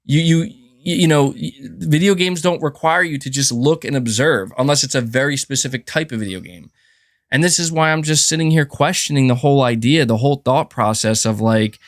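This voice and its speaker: A man's voice: mid-range voice, fairly quick, no echo, studio quality. A man talking casually on a live stream from home into a desk mic, rambling and emphatic and often restarting his sentences. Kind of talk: casual livestream monologue. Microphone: desk mic with adjustable gain.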